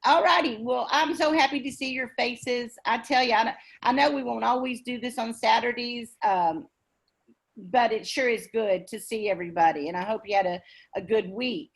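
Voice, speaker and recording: A woman's voice: fairly high pitch, normal speed, gravelly, slightly rough. A woman with a Texan accent, leading a group video call in a folksy, chatty way.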